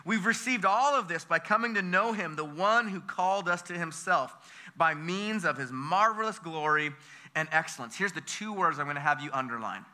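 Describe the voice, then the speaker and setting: A man from the United States preaching a sermon as pastor, energetic and full of questions to the congregation, often repeating and restarting his words. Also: a little high, moderate pace.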